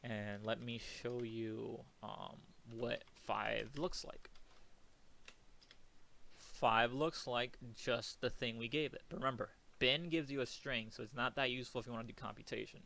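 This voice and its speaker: A man's voice: medium pitch, steady tone, a little slow, vocal fry. Give me a casual young male instructor thinking aloud through a recorded coding lecture. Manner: casual and talky, thinks aloud and counts out loud. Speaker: programming instructor.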